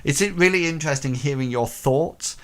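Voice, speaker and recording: A man narrating a tabletop horror game as game master, halting and full of ums. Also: fairly high pitch, a bit bright.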